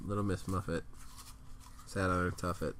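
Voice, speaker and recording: A man's voice: low-pitched, fairly even intonation, moderate pace, a bit bright, a little hiss or hum. A young man co-hosting a casual podcast chat, joking and swearing with friends. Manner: joking, profane, trailing laughs. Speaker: podcast co-host.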